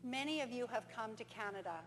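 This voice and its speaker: A woman with a fairly high voice gives a conference talk as an animated storyteller, acting out the voices in her stories. She sounds like she is in a big hall, with long reverb and a faint hum underneath. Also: fast. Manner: animated storyteller, acts out dialogue. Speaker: conference presenter.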